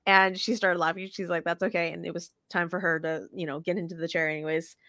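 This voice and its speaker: A lower-voiced woman co-hosting a sports podcast, talking in a lively, swearing, self-interrupting way. The sound is dry and close, with no room around her voice. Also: no echo. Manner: animated, profane storytelling with fast restarts. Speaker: podcast co-host. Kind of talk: casual sports chat.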